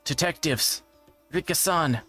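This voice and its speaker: A man reading a visual novel aloud, voicing a frightened, defiant teenage girl who talks in a strained, panicked, shouting way. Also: mid-range voice, moderate pace, faint music behind, close to an everyday voice. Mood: terrified.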